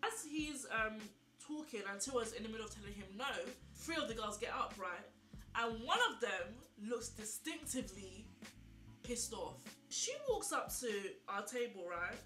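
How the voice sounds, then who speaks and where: A young woman vlogger telling a story while getting ready, animated and incredulous, full of "like" and repeated questions. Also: a little high, a little slow. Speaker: beauty vlogger. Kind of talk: chatty get-ready-with-me storytelling. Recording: echoey room, faint music.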